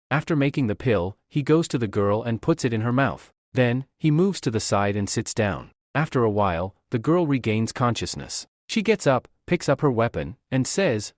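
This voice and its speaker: Lively man narrating a comic recap. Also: medium pitch, moderate pace, hardly any pauses, no room sound, studio quality. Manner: plain storytelling.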